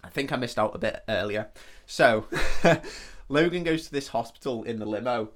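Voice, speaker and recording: A man's voice: mid-range voice, moderate pace. A man co-hosting a podcast, recapping a film in casual, sweary chat. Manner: swears freely, laughs while telling. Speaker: podcast co-host.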